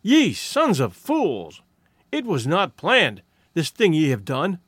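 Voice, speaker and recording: A man playing a cunning chief from an old storybook, grim and scolding, in a lively voice that swings up and down. He sits a little high and sounds dry and close. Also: normal speed, dry recording. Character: cunning scheming male village chief.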